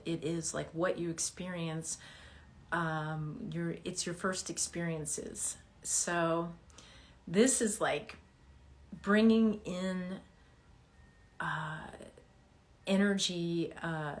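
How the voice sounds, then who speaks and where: A woman teaching a meditation lesson, speaking softly and haltingly with many fillers, then growing loud and playful as she repeats an affirmation. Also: fairly low pitch, a little hiss or hum. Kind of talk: guided meditation talk.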